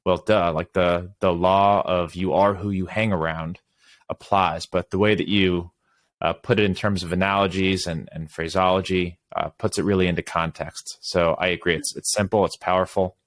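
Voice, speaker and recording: Low-voiced male host, dry sound. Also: fairly even intonation, no echo. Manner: halting, restarts questions. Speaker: interview host. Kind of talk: conversational interview.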